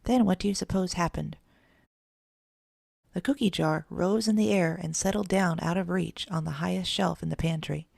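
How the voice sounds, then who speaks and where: A woman narrating a children's storybook in a steady, gentle read-aloud manner. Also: on the low side, normal speed, gravelly, no echo, clean studio sound. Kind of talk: storybook reading.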